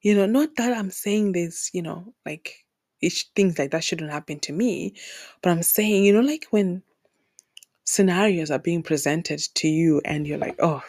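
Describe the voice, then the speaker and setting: A woman's voice: fairly low pitch, moderate pace, darkish tone, dry recording, clean studio sound. A woman from Zimbabwe hosting a solo podcast, talking earnestly and repeating words for emphasis. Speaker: podcast host. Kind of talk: heartfelt solo podcast talk.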